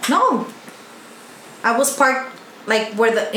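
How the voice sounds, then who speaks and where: A middle-aged woman tells her story with animated, swear-laden energy in casual podcast chat. Her voice sits at an ordinary pitch for a woman. The room rings with a noticeable echo, and a faint hiss sits underneath. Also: unhurried. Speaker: podcast co-host. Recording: roomy echo, faint background noise.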